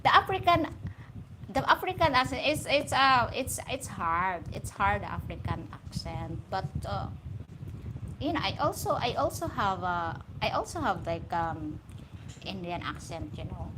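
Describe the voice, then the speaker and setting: A woman's voice: mid-range voice, a little slow, noisy background. A woman from the Philippines with a Filipino accent, a guest chatting casually in an interview and laughing often. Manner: giggly, animated, laughs often. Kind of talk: casual chat.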